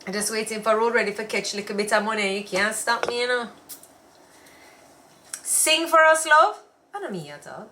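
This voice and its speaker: A woman's voice: mid-range voice, quick pace, hardly any pauses, pushed and bright, slight background noise. A woman co-hosting a casual live show, chatting and reading viewer comments aloud. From Jamaica. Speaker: co-host of a weekly live show. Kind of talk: casual live-stream chat.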